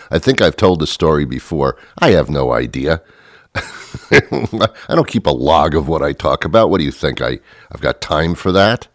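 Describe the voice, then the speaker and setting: A middle-aged man with a very low, deep voice rambles through a comic monologue. He puts on mock outrage and chuckles at his own asides. The sound is dry and close, with no room around him. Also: big pitch swings, a little slow, long pauses, dry recording. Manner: mock-indignant, chuckling, meandering. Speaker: podcast host.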